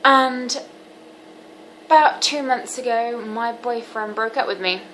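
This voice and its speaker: A woman's voice: on the high side, a bit bright, a little hiss or hum, rough recording. Earnest teenage girl confiding. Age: teens. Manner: earnest, confiding, halting with many ums. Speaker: vlogger. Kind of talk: candid personal vlog.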